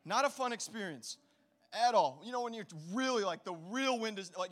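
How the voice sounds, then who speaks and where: A man preaching a sermon as pastor, telling animated stories with playful asides to his congregation. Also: very high-pitched, brisk.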